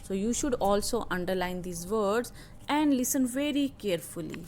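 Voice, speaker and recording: A woman teaching an English lesson who explains new words slowly and repeats them for her students. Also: mid-range voice, slight background noise. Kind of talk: classroom lesson.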